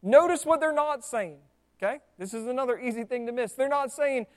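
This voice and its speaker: A man preaching a sermon in a conversational, animated way, with asides to the congregation. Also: very high voice, fairly quick. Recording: long church hall reverb.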